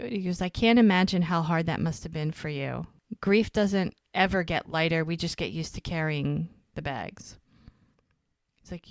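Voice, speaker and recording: Woman, podcast co-host, casual recap, quotes characters, low voice, dry sound. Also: moderate pace, dry recording. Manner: animated retelling, acting out characters' lines.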